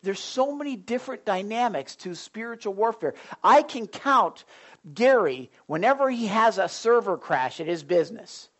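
A man preaching a sermon, telling stories and acting out his own thoughts in an animated way. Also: very high voice.

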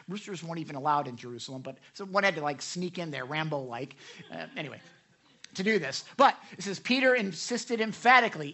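A man's voice: a little high, fast. Guy preaching, reads verses with big emphasis, jokes on the side. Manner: lively, emphatic reading of scripture with asides. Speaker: pastor. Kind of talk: sermon.

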